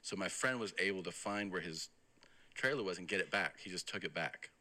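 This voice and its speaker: A man's voice: deep voice, a little fast. A man telling a story on a podcast in a casual, profane way, quoting the people in it. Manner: profane, animated storytelling that quotes others. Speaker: podcast guest. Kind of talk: casual anecdote.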